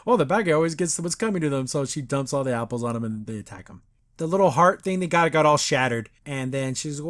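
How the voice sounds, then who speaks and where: A man's voice: a little high, very animated, fast. A man hosting a podcast, casually recapping a cartoon episode in a rambling, sarcastic way. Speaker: podcast host reviewing a cartoon.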